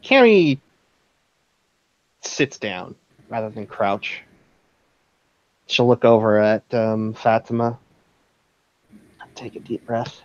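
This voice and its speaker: A man calmly narrating as game master of a tabletop game. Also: fairly low pitch, slow pace, pauses often, no room sound. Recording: dull dry lo-fi recording.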